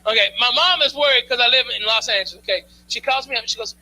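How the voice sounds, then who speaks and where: A man's voice: very high voice, fast talker, bright, forceful tone, poor audio. A male stand-up comedian on a club stage, talking loose and slangy while teasing the crowd through a handheld mic.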